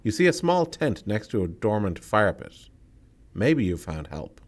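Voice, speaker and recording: A man's voice: on the low side, very animated. A man reading a solo tabletop horror game aloud and breaking off to comment on his choices. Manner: reads the text aloud, then adds quick asides about his choices. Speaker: solo game player and narrator.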